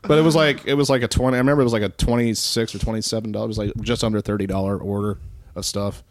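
A man's voice: lowish voice, fairly even intonation, very fast, no echo, studio quality. A man telling a long, profane, rambling anecdote in casual podcast chat, mimicking the people in it. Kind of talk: casual storytelling.

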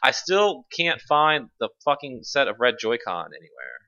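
Man, podcast host, casual profane chat, bright voice, muffled lo-fi sound. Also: medium pitch, wildly swooping pitch, normal speed. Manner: loose, profane, laughs often.

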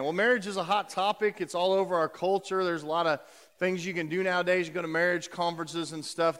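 A man's voice: high voice, a bit bright, clear, resonant tone, in a large hall. A man preaching a conversational sermon as pastor, with frequent fillers and restarts. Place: church sanctuary.

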